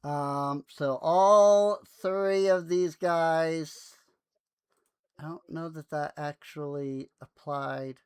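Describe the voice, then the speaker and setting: A game master narrating a tabletop game over voice chat in a relaxed, chatty way, often laughing. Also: medium pitch, extremely slow, clear, resonant tone, no room sound.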